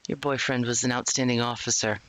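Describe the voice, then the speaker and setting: A streamer doing a blunt, gruff cop. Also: medium pitch, level tone, fairly quick, a bit bright, dry recording, voice pushed down, lightly acted. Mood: accusing. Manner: accusing, blunt. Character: hard-nosed male police detective.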